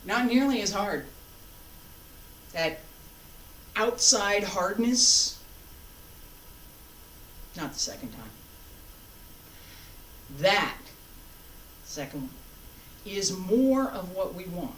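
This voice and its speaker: A woman leads a martial arts practice in a calm, deliberate way, counting out moves and correcting form. She speaks slowly, and her voice sits at a middle pitch. The recording is roomy and distant, with a faint hum of background noise. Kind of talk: class instruction with counted cues.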